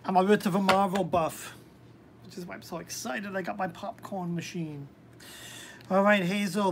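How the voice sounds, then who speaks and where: A woman hosting a live-stream tarot reading, talking hesitantly with many pauses and ums. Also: medium pitch, steady tone, creaky, slight background noise.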